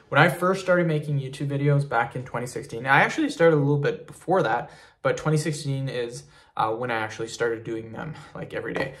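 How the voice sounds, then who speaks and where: Male vlogger with a mid-pitched, gravelly voice, relaxed and rambling talking-head delivery. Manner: relaxed, rambling, says "you guys" and "um" often. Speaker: fitness YouTuber. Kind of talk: casual talking-head tips video.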